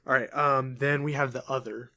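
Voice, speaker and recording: Young man, mid pitch, casual podcast chat, relaxed, many ums. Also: normal speed. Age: young adult. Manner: laid-back, hesitant with many ums. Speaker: podcast co-host.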